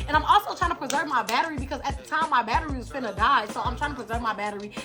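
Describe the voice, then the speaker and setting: A young adult woman telling a storytime vlog in an animated, slangy way, talking straight to her viewers. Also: high voice, rapid-fire, few pauses, music in the background. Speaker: vlogger.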